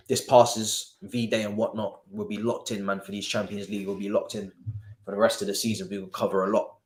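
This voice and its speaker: A man hosting a live football watchalong, chatting casually and joking in heavy slang. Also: lowish voice. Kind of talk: casual live-stream chat and match commentary. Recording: roomy echo.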